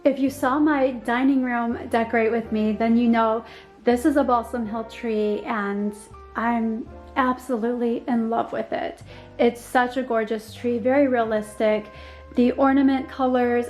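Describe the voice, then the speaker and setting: A woman's voice: on the high side, a little mellow. Gushing woman giving a home tour. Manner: gushing, enthusiastic, frequent ums and likes. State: slightly losing her voice. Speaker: home decor vlogger. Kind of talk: casual home tour narration.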